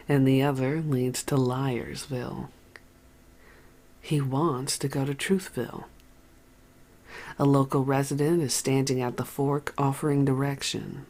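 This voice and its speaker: The audiobook narrator voicing a blunt ex-convict man who talks in riddles, in a calm, measured way. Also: medium pitch, close to an everyday voice.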